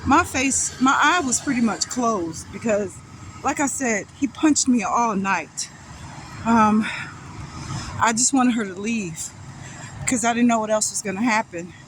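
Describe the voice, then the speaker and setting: Woman from north carolina, storytime vlog, slow sighing delivery, car and traffic noise behind. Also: a little high. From North Carolina, USA. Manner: sighing, halting, emotional retelling with restarts. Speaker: vlogger telling her life story. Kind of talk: personal storytime monologue.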